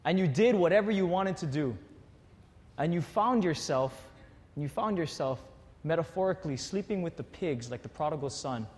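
High-voiced preacher in a reverberant hall. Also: male voice, moderate pace. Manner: animated storytelling with acted quotes. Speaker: pastor. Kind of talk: sermon.

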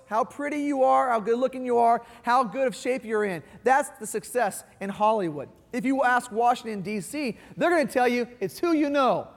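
A man in his forties preaching a folksy, playful sermon to a church congregation, joking about family life. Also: very high voice. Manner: folksy and playful, acts out his daughters' voices. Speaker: guest pastor. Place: church sanctuary. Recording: long hall reverb.

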